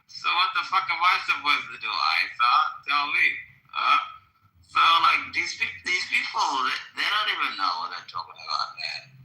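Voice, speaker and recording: A man rants in casual conversation with a sharp, tense, very bright voice. He is emphatic and swears freely, circling back over the same points. The sound is roomy, with echo around him. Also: fairly high pitch, sing-song, moderate pace. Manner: emphatic, profane and repetitive. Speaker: podcast guest.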